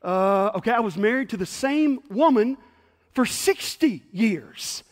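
A pastor putting on a proud old churchgoer. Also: male voice, high voice, lively intonation, unhurried, in a large hall, pitched above the performer's own voice. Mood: pleading. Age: older. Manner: insistent, pleading, rising to exasperation. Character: elderly churchgoing man, proud of his lifelong good deeds.

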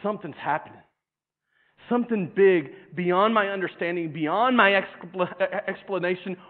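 A man preaching a sermon in an animated way, stumbling over repeated words and acting out other people's voices with humor. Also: high voice, moderate pace. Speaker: pastor. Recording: tinny phone-like sound.

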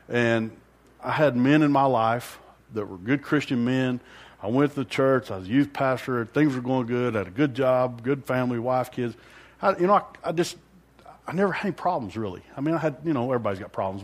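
A man telling his personal testimony in a loose, rambling way, with a middling pitch and a plain everyday voice. He pokes fun at himself, laughs along the way and acts out what he was thinking back then. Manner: rambling, self-deprecating, with frequent laughs; acts out his own inner thoughts. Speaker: church member giving a testimony.

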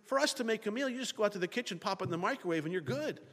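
A man preaching a sermon in an animated way, acting out the thoughts of the people in his story. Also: high voice, very fast, in a large hall. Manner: animated, acts out characters' thoughts in dialogue.

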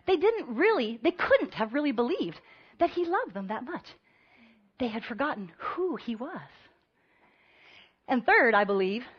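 A woman preaching a sermon, telling stories with lively energy and acting out the voices of the people in them. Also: fairly high pitch, slightly rough, highs cut off. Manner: animated storytelling, acting out voices of the crowd.

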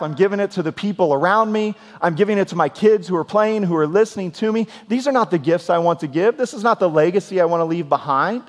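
Male pastor, 40s, slightly higher voice, earnest everyday sermon delivery with repeated-word restarts, reverberant hall. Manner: earnest, practical, often restarts with repeated words. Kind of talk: conversational sermon.

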